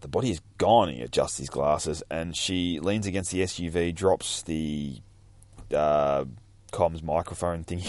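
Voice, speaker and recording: A man with a low, darkish voice, recorded dry, casually reads through a comic book as a vlogger. He curses freely and rambles about the panels, breaking into bursts of hype.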